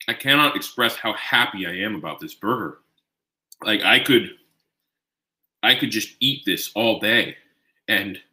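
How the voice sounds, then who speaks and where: A man hosting a casual live cooking stream, chatting with his viewers in a rambling way and gushing with excitement as he eats and talks. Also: on the low side. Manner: gushing with excitement while tasting. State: eating while talking. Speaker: home cook streaming live. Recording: roomy, echoing room sound.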